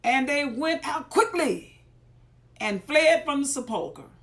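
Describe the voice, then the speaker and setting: A woman's voice: high-pitched, very animated, slow pace, a bit bright. A woman reading Bible verses aloud and stopping to explain them in folksy, conversational asides. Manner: paraphrases scripture in everyday talk. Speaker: Bible reader and teacher. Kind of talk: scripture reading with casual commentary.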